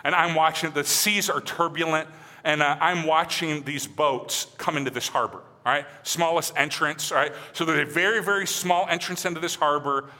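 This pastor's sermon is emphatic yet conversational, and he often asks his listeners "right?" His voice sits a little high with fairly even intonation, and he drops to a soft, slow delivery on key phrases. A long hall reverb surrounds the recording.

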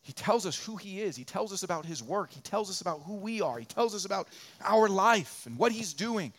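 A man preaching a sermon as pastor, repeating phrases for rhythm and dropping from loud peaks to quiet asides. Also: sits high, animated, a little fast. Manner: conversational and joking, acts out little quoted voices.

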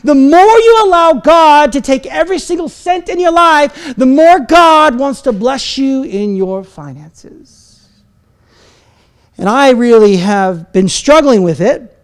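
A man preaching a sermon as pastor, talking in a conversational, self-deprecating way with asides and laughs. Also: very high-pitched.

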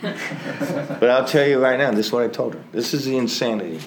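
A man telling his own recovery story in a slow, conversational, self-mocking way, often breaking into laughter. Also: mid-range voice, expressive, over a noisy crowd. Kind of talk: storytelling testimony.

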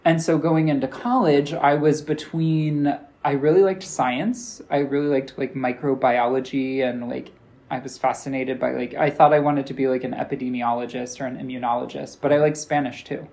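An American man talks through an interview at an ordinary middle pitch, loose and conversational. He strings his thoughts together with fillers and slips into quoting people as he tells a story. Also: fairly even intonation, normal speed, a little mellow. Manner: chatty storyteller, acts out quoted dialogue, many "like" fillers. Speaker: interview guest, linguistics professor. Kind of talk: casual interview answers.

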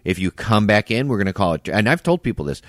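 A man co-hosting a casual podcast, blunt and wry, who answers with quick jokes and firm opinions. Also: lowish voice, animated, dry recording, clean studio sound. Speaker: podcast co-host. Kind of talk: casual chat.

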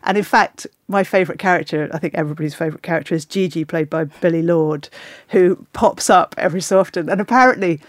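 A woman's voice: fairly low pitch, dry recording, studio quality. A woman hosting a casual chat about films, enthusiastic and opinionated. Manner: enthusiastic, opinionated, quick to act out quotes. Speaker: podcast host discussing films.

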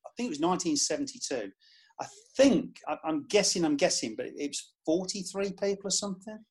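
Lively storytelling man, higher voice. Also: fairly quick. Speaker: club historian. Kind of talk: podcast chat.

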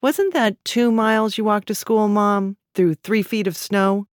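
A woman doing Bethy, a brisk grown daughter. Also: mid-range voice, expressive, darkish tone, dry recording, clean studio sound, voice pushed up. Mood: teasing.

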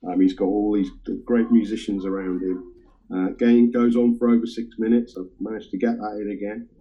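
A man's voice: on the low side, level tone, brisk. A man co-hosting a casual music chat, talking enthusiastically about records with frequent ums and hesitations. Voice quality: hesitant, many ums and uhs. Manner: enthusiastic record collector talk. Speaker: co-host sharing record picks. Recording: dull lo-fi sound.

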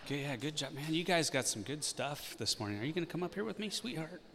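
A man's voice: a little high, lively intonation, fast talker, creaky, fairly bright tone, slight background noise. Man, informal sermon, encouraging and teasing, hall reverb. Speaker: pastor leading a church meeting. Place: church hall.

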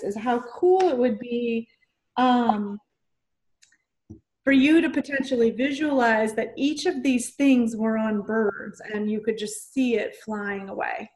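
A woman's voice: fairly high pitch, darkish tone. A woman hosting a podcast in casual chat, enthusiastic and affirming, gushing over her guest. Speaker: podcast host.

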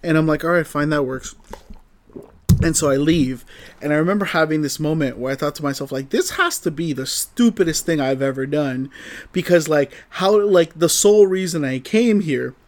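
A young man with a slightly higher voice tells a rambling anecdote in casual chat. He acts out each quoted line and laughs often, swearing freely. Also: normal speed. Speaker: podcast co-host telling a story.

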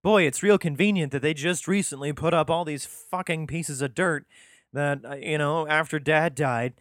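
A man's voice: fairly high pitch, normal speed, fairly bright tone, no echo, clean studio sound. A man reading scripture aloud, breaking off for sarcastic, profane and exasperated comic asides. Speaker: host reading scripture with commentary. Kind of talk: irreverent comic commentary.

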